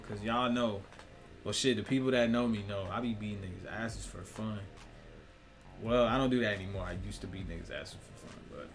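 A young man, a musician, rambling in a casual monologue, full of cursing, slang and laughter. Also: fairly low pitch. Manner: profane, laughing, slangy storytelling.

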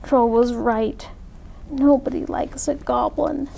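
A woman's voice: fairly high pitch, fairly even intonation, slow pace, gravelly, dark tone, a little hiss or hum, pitched above the performer's own voice, exaggerated voice, low-quality recording. A woman voicing a timid but hopeful little male goblin in a storybook reading. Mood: eager.

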